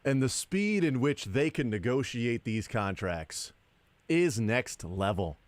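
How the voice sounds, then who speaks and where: A man hosts a sports talk radio show with a sarcastic, deadpan delivery. His voice sits at an ordinary middle pitch. The studio sound is close and dry, with no room echo. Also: takes it slowly. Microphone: studio microphone.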